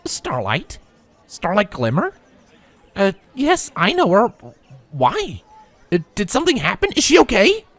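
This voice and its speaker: A man's voice: high voice, wildly swooping pitch, extremely slow, voice pushed up, exaggerated voice. A man voicing a nervous, bookish young male unicorn who stammers, in a fanfiction reading. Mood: flustered. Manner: stammering, timid.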